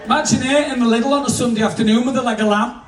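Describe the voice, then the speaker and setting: A man's voice: extremely high pitch, fairly even intonation, very fast. A man doing bawdy stand-up comedy on a cruise ship, chatting to the crowd. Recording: echoey room, distant mic, noisy.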